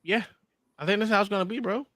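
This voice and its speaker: A man's voice: sits high, fast, fairly bright tone, no room sound. A man hosting a livestream chat, talking in a loose, slangy way with many restarts. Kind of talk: casual panel chat.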